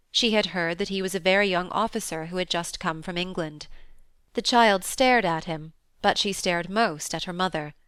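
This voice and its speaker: Smooth-voiced woman narrating a classic novel. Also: lowish voice, dry recording. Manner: measured, even storytelling. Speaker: audiobook narrator. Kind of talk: scripted narration.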